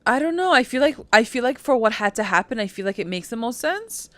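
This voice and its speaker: A woman's voice: fairly high pitch, very animated, brisk, no room sound. A woman co-hosting a casual podcast recap, chatty, laughing often and quoting characters. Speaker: podcast co-host.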